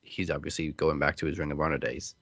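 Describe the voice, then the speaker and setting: A man co-hosting a casual wrestling podcast, easygoing and quick to laugh, with some stammered restarts. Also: rumbling low, little pitch movement, fairly bright tone, dry recording. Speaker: podcast co-host.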